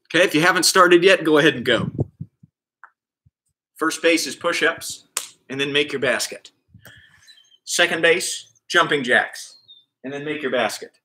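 A man coaching a live kids' PE class, upbeat and encouraging as he counts reps and calls out children who finish. His voice is fairly high and very bright and sharp, and he talks at an unhurried, deliberate pace. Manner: upbeat, counts out reps and cheers on kids by name.

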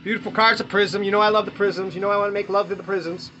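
A man's voice: high-pitched, steady tone, quick pace, sharp tone, highs cut off, faint music behind. A man hosting a podcast, ranting bluntly and profanely in casual talk while opening baseball cards, chuckling often. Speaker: podcast host.

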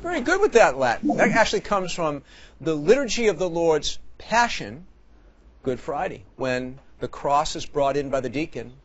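Jokey priest quiz host, high bouncy voice, excitable, dull studio sound. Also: male voice, moderate pace, noisy background. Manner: jokey, animated, shouts excitedly. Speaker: priest and game show host. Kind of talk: lively game show hosting. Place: TV studio with audience.

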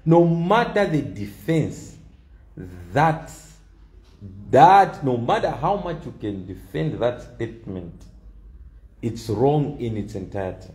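A man's voice: medium pitch, sing-song, takes it slowly, darkish tone, roomy sound. A man giving an opinion monologue, emphatic and repeating key lines for stress. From Zambia. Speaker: political commentator.

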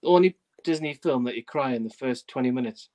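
Fast-talking man, chatty host. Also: mid-range voice, darkish tone. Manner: chatty storyteller, self-mocking. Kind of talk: casual live-stream chat.

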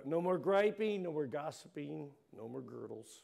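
A man preaching a sermon, building rhythmic lists that swell into loud bursts, with joking asides. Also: medium pitch, expressive, brisk, creaky. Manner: rhythmic alliterative list, rising to loud bursts.

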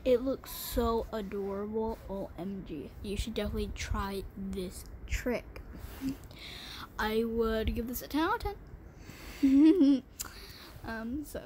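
A woman's voice: fairly high pitch, slow pace, long pauses, mellow, a little hiss or hum. A woman chatting through a game tutorial, gushing over items and complaining dramatically. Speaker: gaming channel host. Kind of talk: casual game tutorial chat.

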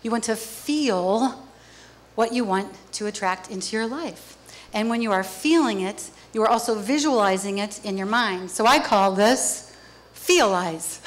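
Lively woman giving a motivational talk. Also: a little high. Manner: lively, acts out little scenes. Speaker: speaker. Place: theater stage.

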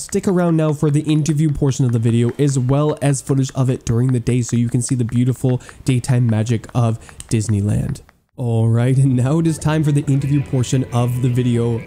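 Guy doing hyped gameplay commentary, super warm dark voice, goofy puns. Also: medium pitch, slight background noise. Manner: excitable, gushing, playful puns. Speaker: gaming YouTuber touring an island.

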